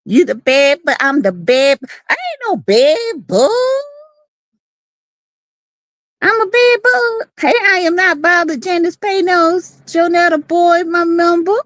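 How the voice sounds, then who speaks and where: Sassy woman for a live-stream chat, high voice that swings all over, dry close sound. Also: animated, takes it slowly, fairly bright tone, no echo. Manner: sassy, playful, greets viewers by name.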